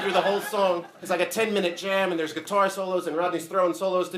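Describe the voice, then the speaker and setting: A man giving a casual, profane, animated eulogy full of stories at a memorial. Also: high voice, quick pace, few pauses, slight background noise. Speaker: eulogy speaker. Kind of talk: funeral eulogy storytelling. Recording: echoey room.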